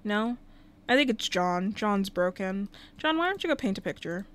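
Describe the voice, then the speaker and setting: A woman with a mid-range, expressive voice speaks at a normal speed with a clean tone. She's livestreaming a life-sim game, chatting casually, talking to the characters and thanking her viewers.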